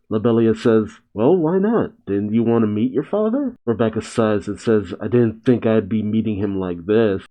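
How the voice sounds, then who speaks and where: A man's voice: on the low side, dull audio. A young man casually reading a manga chapter aloud and commenting, trying light voices for the characters and laughing often. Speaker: manga reaction host.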